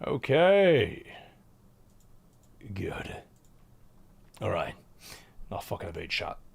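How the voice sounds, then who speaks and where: Animated man chatting on stream. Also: low voice, extremely slow, creaky, breathy edge. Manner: animated, swearing, laughing, reacting to chat. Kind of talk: casual live-stream chat.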